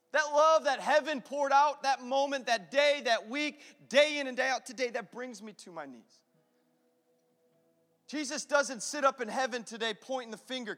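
A man preaching a sermon, impassioned, swinging between loud bursts and hushed moments. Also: very high voice, big-room sound. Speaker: pastor.

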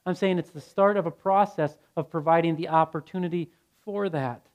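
A man's voice: on the high side, a little fast. Blunt earnest male pastor preaching. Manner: earnest, blunt and conversational storytelling. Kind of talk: sermon. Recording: dull lo-fi sound.

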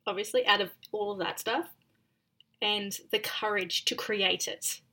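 A woman interviewing a guest, asking quick, chatty questions in a casual podcast conversation. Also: mid-range voice, sharp tone.

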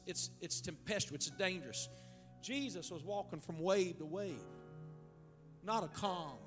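A male pastor with an Ohio accent preaching a fiery sermon, building to loud shouts and calling on the congregation. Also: high-pitched. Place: church sanctuary. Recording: live church hall with long reverb and faint music.

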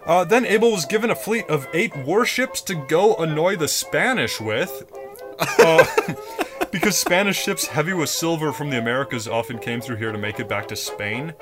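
A man's voice: a little high, expressive, moderate pace, over music. A man co-hosting a casual history podcast, telling a story loosely with swearing and laughs. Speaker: podcast co-host.

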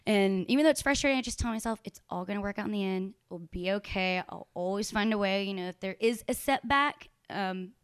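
A woman's voice: medium pitch, a little fast, few pauses, clean tone, no room sound, clean studio sound. A woman in her twenties telling stories in a casual interview, chatty with many fillers. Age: 20s. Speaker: guest, small business owner.

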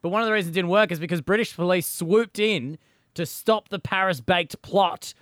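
A joking man co-hosting a chat podcast. His voice sits a bit high, smooth and resonant. The sound is dry and close. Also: fairly quick, fairly bright tone, no echo. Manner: jokey, laughs often, mock voices for quotes. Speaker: podcast co-host. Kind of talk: casual comedic chat.

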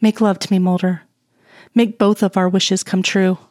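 A woman reading the lines of a composed, teasing adult woman in an audio story, in a soft, sultry voice. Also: medium pitch, level tone, moderate pace, no echo, studio quality, natural voice. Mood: tender.

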